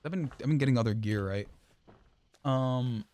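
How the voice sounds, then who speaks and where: A young man streaming a game and chatting casually, rambling with many restarts and quick laughs. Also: mid-range voice, a little mellow. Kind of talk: casual chat while gaming.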